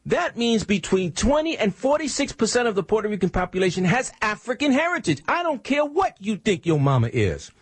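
A man's voice: high voice, big pitch swings, brisk, hardly any pauses, husky, dry recording. A man hosting a radio show, talking in an emphatic, preachy monologue full of rhetorical questions. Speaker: radio host.

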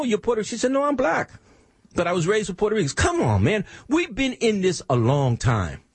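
A man's voice: high-pitched, breathy edge, no room sound. A man hosting a radio show, talking in an emphatic, preachy monologue full of rhetorical questions. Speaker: radio host.

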